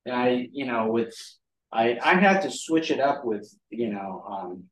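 A man's voice: mid-range voice, expressive, a little slow. A man leading a Bible study in a casual teaching style, rambling with many ums and restarts. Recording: roomy sound from a distant mic.

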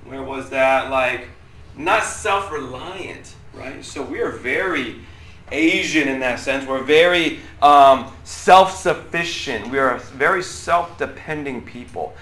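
A middle-aged man with a loud voice that carries, giving a casual youth sermon to a group of students and often checking in with "right?". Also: mid-range voice, lively intonation, takes it slowly. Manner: conversational, often checks in with 'right?'. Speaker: youth pastor. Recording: roomy echo.

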